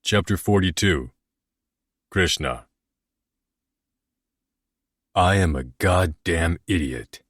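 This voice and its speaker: A man's voice: low voice, slow, long pauses, fairly bright tone, dry recording, studio quality. A man narrating a first-person romance audiobook in a brooding, self-critical way.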